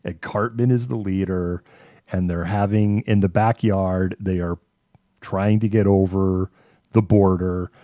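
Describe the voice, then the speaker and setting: A man's voice: deep voice, fairly even intonation, a little slow, no room sound, lo-fi sound. A man co-hosting a live online talk show, rambling casually and swearing as he retells a cartoon episode, putting on voices for the characters. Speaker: podcast co-host.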